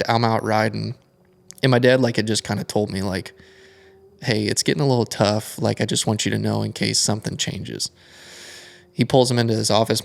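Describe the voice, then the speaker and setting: Young male racer, casual rambler with a gravelly edge, mid-pitch. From United States. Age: young adult. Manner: rambling, animated storytelling with many fillers. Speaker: guest, flat track racer. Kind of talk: casual storytelling interview.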